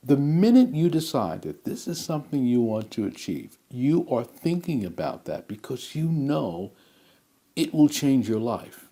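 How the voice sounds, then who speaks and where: A man giving a motivational talk, speaking in a measured, emphatic way with deliberate pauses. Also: mid-range voice, lively intonation, mellow.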